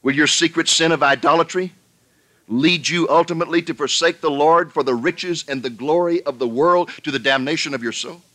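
A man's voice: a little high, a little fast, a bit bright, no room sound. A male pastor preaching a sermon, pressing the listeners with emphatic rhetorical questions and rising sharply when he addresses them directly.

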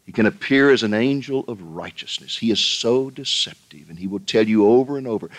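A man's voice: lowish voice, fairly quick, hardly any pauses, no echo. A male pastor preaching a sermon, pressing the listeners with emphatic rhetorical questions and rising sharply when he addresses them directly.

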